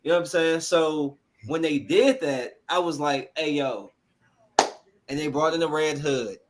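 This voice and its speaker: A man hosting a casual podcast, teasing his guest and getting excited about a show. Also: a little high, moderate pace, noisy background. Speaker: podcast host. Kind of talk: casual chat.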